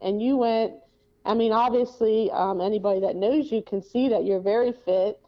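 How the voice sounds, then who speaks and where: A woman's voice: mid-range voice, normal speed. Candid woman host, dull lo-fi sound. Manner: candid, swears, encouraging. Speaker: podcast host. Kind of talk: casual conversation.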